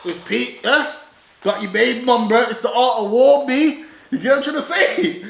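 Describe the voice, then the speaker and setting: Young guy ranting about celeb stuff, high voice, lots of laughing, echoey room. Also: normal speed, gravelly. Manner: animated, laughing, loud bursts then low asides. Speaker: online commentator. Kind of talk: casual slang-heavy commentary. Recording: roomy echo.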